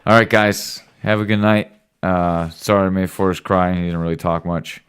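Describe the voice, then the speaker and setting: A man's voice: low voice, level tone, normal speed, a bit bright, clean tone. A man talking casually as a father hosting a home podcast with his son, teasing and joking with him. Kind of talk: casual late-night chat.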